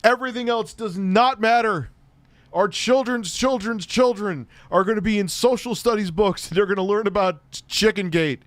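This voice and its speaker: High-pitched and moderately paced, with no echo, an adult man hosts a ranting commentary for his own peer group. His tone is mocking and incredulous, full of laughter and free swearing.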